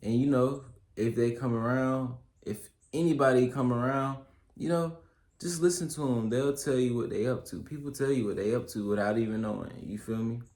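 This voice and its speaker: A young YouTuber with a mid-range, slightly mellow voice gives casual solo advice at normal speed, with a roomy echo around him. His delivery is loose and slangy, full of fillers and "you feel me," as he works through a list of pointers, reading some aloud.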